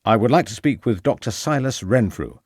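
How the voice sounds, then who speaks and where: A man's voice: mid-range voice, lively intonation, moderate pace, a little mellow, no room sound, studio quality, natural voice. A man voicing a male police inspector who speaks formally and courteously.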